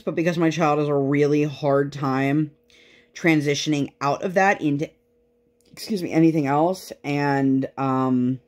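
A young woman with a lowish voice tells stories in a loose, chatty way. She talks casually while she works on a craft project, with plenty of fillers. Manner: chatty storytelling with many fillers. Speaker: crafting vlogger.

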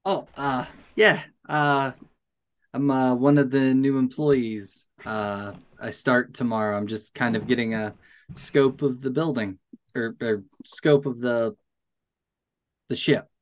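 Male player, mid pitch, hesitant improvised in-character talk. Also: steady tone, takes it slowly. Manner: hesitant, filler-heavy improvising. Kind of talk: in-character tabletop role-play.

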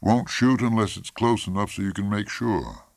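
A man's voice: on the low side, normal speed, creaky, dry recording, voice pushed up. A man reading a story aloud, voicing a curt, confident professional hunting guide who talks in clipped phrases. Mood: brisk. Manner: clipped, terse.

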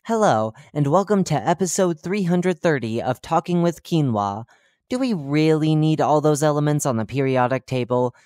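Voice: medium pitch, normal speed, no room sound, studio quality, close to an everyday voice. A narrator doing Quinoa, chipper eerie radio host. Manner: chipper, chatty broadcast patter with deadpan dark jokes. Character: cheerful oblivious male radio talk-show host, eerie. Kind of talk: horror fiction reading.

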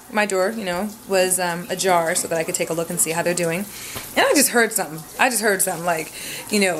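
A woman's voice: mid-range voice, a bit bright, a little hiss or hum. A woman telling a rambling, profane story in a casual vlog at home, talking straight to the camera. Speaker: vlogger. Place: home room.

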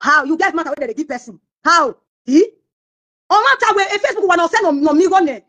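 During an interview, a Nigerian singer tells a story in an extremely high, bright and forceful voice, expressive and quick. She voices the other people in her tale as she goes.

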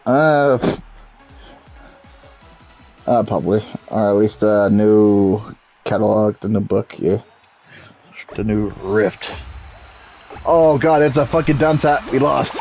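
Woman gamer, excitable and foul-mouthed, unhurried between outbursts, very lively pitch. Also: soft background music, poor audio. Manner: loud, profane, excitable, breaks into laughter. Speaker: gamer playing online with friends. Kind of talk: casual game commentary.

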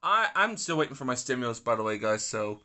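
A young man talks through his pool game in a loose, irritable ramble, cursing at opponents and drifting into side stories. His pitch jumps around a lot, and his tone is bright and forward. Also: very animated, fast talker. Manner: grumpy, swearing, rambling asides. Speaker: gaming YouTuber. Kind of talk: casual gameplay commentary.

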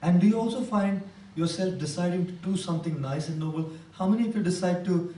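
In an echoey hall, heard from a distance, a man gives an emphatic motivational talk to a live audience, repeating key words and asking the crowd questions. His voice sits high, is fairly quick, and has a warm tone.

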